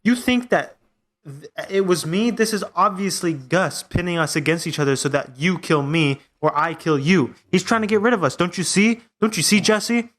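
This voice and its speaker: Scheming man, raised pitch, drawn-out pleading, condescending, put on by a man telling a story. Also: a bit bright. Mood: pleading, manipulative. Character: scheming middle-aged man manipulating his partner.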